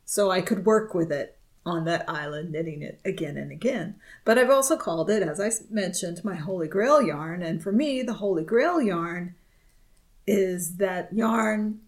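A woman's voice: on the low side, animated, normal speed. A woman co-hosting a knitting podcast, telling a chatty story with frequent laughs. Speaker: podcast co-host. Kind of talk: casual chat.

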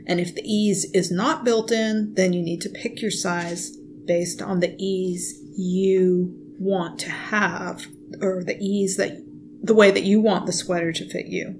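Woman podcast host, measured and unhurried, patient explainer, faint room hum behind. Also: lowish voice, steady tone. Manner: explains slowly and methodically. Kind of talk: casual podcast chat. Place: at home with pets nearby.

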